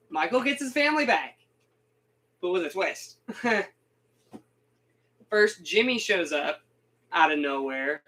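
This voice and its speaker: A young man rambles through a casual game recap, animated and quick to laugh. His voice sits high and bright. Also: poor audio. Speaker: gaming video host.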